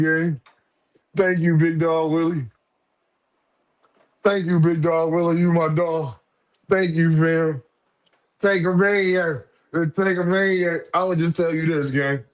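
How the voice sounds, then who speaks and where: A man hosting a casual live boxing stream, loose and profane, teasing viewers and shouting out donors. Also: fairly high pitch, steady tone, unhurried. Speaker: livestream host.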